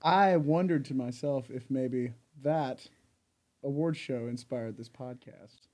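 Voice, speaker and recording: A man from southern Mississippi, a musician guest on a podcast, talking in a relaxed way with dry humor. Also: mid-range voice, slow. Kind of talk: interview conversation.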